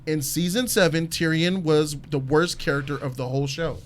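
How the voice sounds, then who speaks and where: A man hosting a casual panel talk show about a TV episode, talking in an emphatic, animated way. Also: a little high, moderate pace, a little hiss or hum. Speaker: show host.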